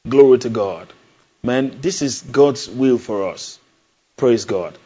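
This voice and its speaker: A man's voice: medium pitch, slow pace, dark tone, breathy edge. A male preacher, delivering a sermon emphatically, asking the congregation questions and repeating key phrases. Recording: dull lo-fi sound.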